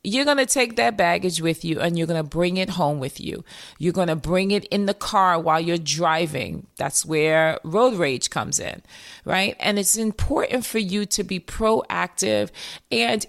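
A woman's voice: lowish voice, animated, measured pace, creaky. A woman mental health therapist hosting a motivational podcast, speaking emphatically, repeating key phrases and calling her listeners "my friends.".

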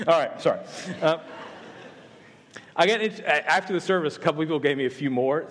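A man's voice: a little high, fast, fairly bright tone, long reverb tail. A man from the American South, a campus pastor, giving a humorous, conversational sermon full of self-deprecating asides. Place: church sanctuary.

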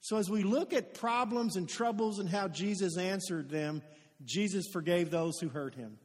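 Male pastor, high voice, earnest sermon in a church hall with long reverb. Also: moderate pace. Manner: earnest storytelling, rising to emphatic peaks. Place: church sanctuary.

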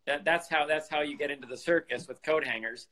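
A man's voice: a little high, brisk, pushed and bright, low-quality recording. A man chatting casually in an amused, rambling way. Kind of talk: casual chat.

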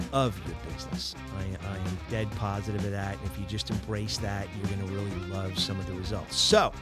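A man hosting a podcast, giving casual business advice and acting out quoted emails in quick voices. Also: fairly low pitch. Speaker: podcast host.

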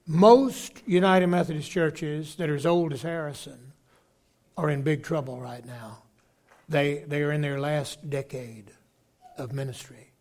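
An older man, a bishop preaching a sermon, telling a story with halting restarts and acting out the voices of the people in it. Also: fairly high pitch.

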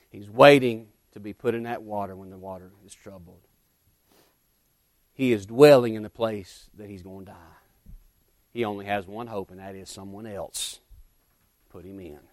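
A man preaching a sermon as pastor, repeating his phrases with emphasis, calling out "Amen", and dropping from loud to hushed. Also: fairly low pitch, no echo.

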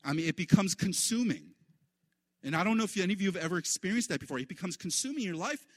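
A man preaching a sermon in an animated way, his voice leaping up high for the lines he quotes. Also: quick pace. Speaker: pastor.

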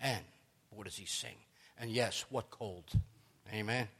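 A middle-aged man preaching a sermon as pastor, chatty and animated, telling stories with joking asides. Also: lowish voice, a little slow, husky.

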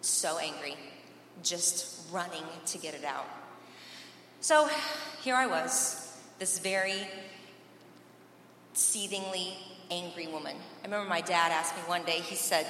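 A woman speaks her personal faith testimony with earnest emphasis and long dramatic pauses. Her voice is low-pitched but bright and forceful. She is heard from a distance in a large echoey hall, with faint ambience underneath. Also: a little hiss or hum.

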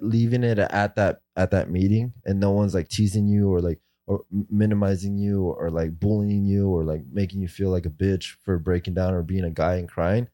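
A man's voice: sits low, mellow, dry recording. A man telling a story in casual chat, rambling with many fillers and swearing.

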